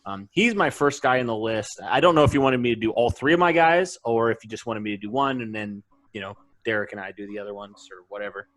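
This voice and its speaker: Man giving steady sports analysis. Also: on the low side, fast talker. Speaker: podcast guest. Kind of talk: casual sports podcast talk.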